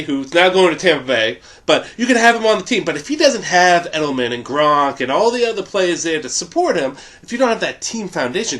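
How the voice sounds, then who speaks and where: A man's voice: on the high side, fairly bright tone. A man vlogging at home, chatting casually to viewers in a rambling, direct way about comics. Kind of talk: casual vlog commentary. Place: home room, indoors.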